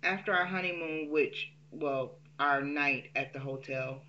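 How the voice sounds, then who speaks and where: A woman's voice: low voice, measured pace, bright, forceful tone, muffled recording. A woman telling a personal story in a casual, candid way, with frequent um fillers.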